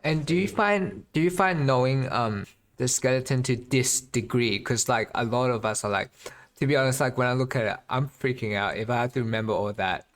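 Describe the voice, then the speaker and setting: A man's voice: medium pitch, a little fast. Guy asking the teacher stuff, mid voice, lots of like and um, kinda unsure. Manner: hesitant, heavy use of "like". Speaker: student. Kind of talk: casual chat.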